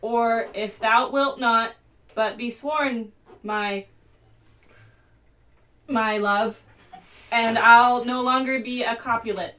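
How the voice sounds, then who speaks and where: A woman's voice: a little high, steady tone, slow pace, long pauses, a bit bright. A woman reading the part of a lovesick young maiden, plainly and with small stumbles. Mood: longing. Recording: voice far from the mic.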